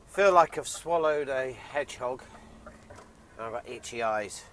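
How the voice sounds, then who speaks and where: A man's voice: medium pitch, a little slow, fairly bright tone, a little hiss or hum. Chatty man vlogging with a head cold. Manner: chatty, rambling, with many ums. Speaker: lorry driver vlogger. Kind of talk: casual vlog chat. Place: lorry cab while driving, then outdoors on a hill.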